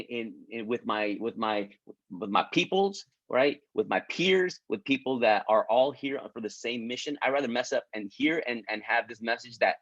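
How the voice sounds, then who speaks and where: A man's voice: mid-range voice, a bit bright, dry recording. Man giving a stumbling, repetitive pep talk. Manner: repetitive, stumbling restarts, keeps asking "right?"; encouraging, pleading with listeners. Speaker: business coach leading an online group. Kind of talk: casual motivational pep talk. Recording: dry, muffled lo-fi audio.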